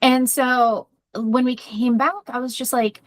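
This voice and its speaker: A woman therapist co-hosting a podcast, talking in a loud, energetic way as she tells personal stories in casual chat. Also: on the high side, unhurried, no room sound.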